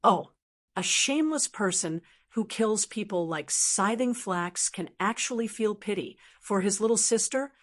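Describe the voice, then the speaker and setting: A woman's voice: medium pitch, lively intonation, measured pace, natural voice. A woman voicing a cruel, mocking male demon who taunts and coldly commands in an audiobook.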